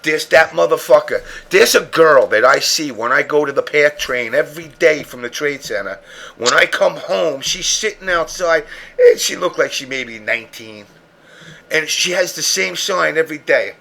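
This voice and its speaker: A man's voice: fairly high pitch, lively intonation, normal speed, gravelly, sharp tone. A man hosting a podcast, telling long profane stories in casual chat. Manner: profane, rambling storyteller. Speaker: podcast host.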